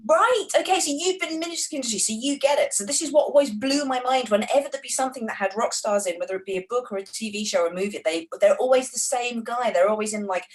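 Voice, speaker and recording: A middle-aged English woman, with a softened Wolverhampton accent, telling stories in an interview on a video call, energetic and full of comic asides. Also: a little high, fast talker, few pauses, rough recording. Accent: English, Wolverhampton edges softened by London. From England. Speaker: author and screenwriter. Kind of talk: animated interview answers.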